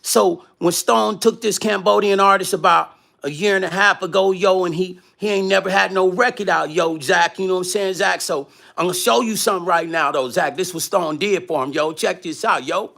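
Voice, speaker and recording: A brash young New York homeboy , as a man puts him on, who hypes up his friend in thick street slang. He has a New York accent and a bright, ringing voice pitched a little high, and he keeps saying yo and hold up between phrases. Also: normal speed, gravelly, hardly any pauses, exaggerated voice. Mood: hyped.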